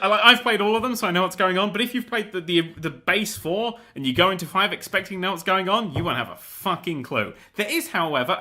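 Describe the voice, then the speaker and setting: A young man hosting a gaming show, ranting in a casual, animated, sweary, exasperated way. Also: sits high. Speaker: gaming host. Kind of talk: casual rant about a video game.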